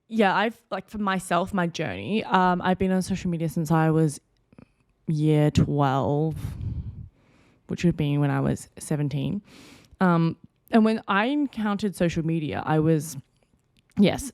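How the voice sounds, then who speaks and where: Brief: twenties woman, rambling podcast host, lowish voice, playful tone jumps. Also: darkish tone, no room sound, studio quality. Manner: chatty, rambling, playful sudden pitch jumps. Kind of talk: casual solo podcast chat.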